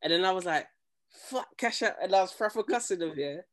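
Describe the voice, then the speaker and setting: A young man, a DJ chatting casually and telling animated, slang-filled stories. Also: sits high, racing. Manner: animated storytelling, slangy, acts out quoted people. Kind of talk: casual chat.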